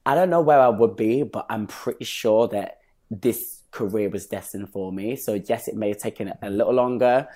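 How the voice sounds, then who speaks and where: A young man, a guest telling stories in a casual interview, animated and quick to act out what people said. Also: lowish voice. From northern England. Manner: animated, acts out quoted voices, laughs often. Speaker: guest, stage performer.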